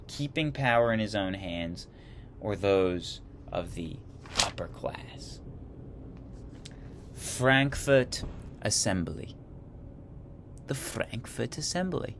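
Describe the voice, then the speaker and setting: Man, lowish voice, history teacher, reading textbook aloud, self-corrections, chatty asides, faint background hum.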